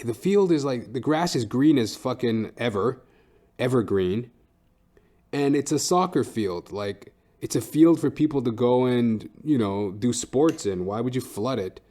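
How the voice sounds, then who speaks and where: On his own podcast, a young stand-up comedian launches into a casual, profane rant, rambling, swearing constantly, and restarting amid lots of fillers. His mid-range voice is expressive and a little mellow, moving at normal speed.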